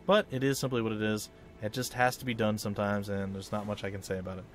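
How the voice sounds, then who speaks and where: A man's voice: lowish voice, little pitch movement, fast talker, faint music behind. A man giving casual, rambling, self-mocking commentary while playing a video game at home. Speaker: let's play host.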